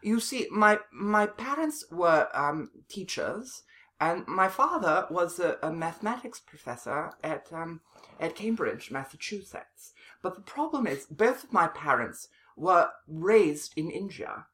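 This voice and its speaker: A woman's voice: lowish voice, big pitch swings, a bit bright. A woman playing a pompous male opera snob with an affected posh accent, fussy and hesitant. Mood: flustered. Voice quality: fussy, hesitant, drawn-out pauses. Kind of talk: improvised comedy sketch.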